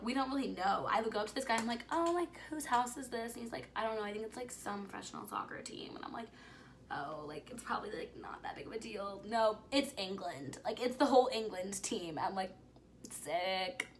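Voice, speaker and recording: A young woman vlogger telling a story in casual chat, excited and gushing, filling it with "like" and dropping into whispers. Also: a little high, brisk, a little hiss or hum.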